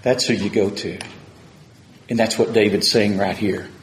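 A man's voice: on the low side, steady tone, moderate pace, slight background noise. A man preaching a sermon, paraphrasing scripture and building to fervent calls. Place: church sanctuary. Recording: roomy church echo.

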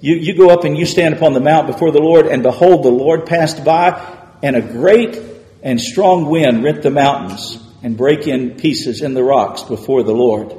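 A man's voice: on the high side, normal speed, mellow. Preacher man in an echoey hall. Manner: emphatic, repetitive preaching cadence. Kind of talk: sermon. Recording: echoey hall with long reverb.

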